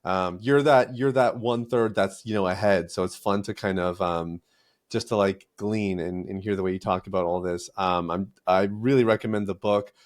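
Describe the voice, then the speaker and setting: A man hosting a podcast in a relaxed, affirming way. His voice sits a little low, and he backs up his guest with short agreeing remarks. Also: normal speed. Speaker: podcast host. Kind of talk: conversational podcast interview.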